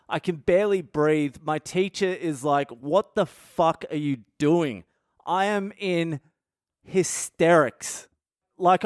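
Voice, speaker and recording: A man's voice: a little high, smooth, no echo. Male podcast host, swears freely and laughs through his story, close dry sound. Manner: profane, candid, laughs at his own story. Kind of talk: casual storytelling monologue.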